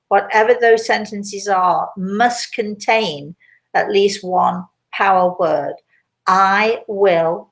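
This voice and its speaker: A woman's voice: mid-range voice, creaky, rough recording. Chatty older woman answering questions. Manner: chatty, repeats phrases, restarts often. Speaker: spiritual medium answering questions. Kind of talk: casual live Q&A talk.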